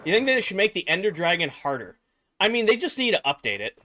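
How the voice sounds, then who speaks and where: A man's voice: sits high, fast talker. A young man, tired after work, chatting casually on a livestream and answering viewers while he builds. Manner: relaxed, chatty, reads chat aloud and mutters while building. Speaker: streamer.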